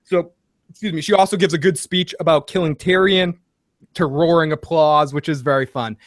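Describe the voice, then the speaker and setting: A man hosting a live recap show, excitable and profane, laughing often as he talks. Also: fairly high pitch, normal speed, no room sound, studio quality. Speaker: podcast host.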